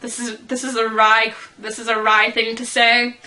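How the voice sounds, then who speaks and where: Rambling young woman, bright voice. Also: on the high side, completely flat delivery, normal speed, hardly any pauses, low-quality recording. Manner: giggly, rambling, self-deprecating. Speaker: fan vlogger. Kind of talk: casual chat.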